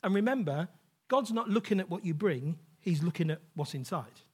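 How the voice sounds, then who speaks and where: A man's voice: high voice, animated, moderate pace, darkish tone, slightly rough. A male preacher giving a sermon in a conversational, emphatic way, often checking in with the congregation.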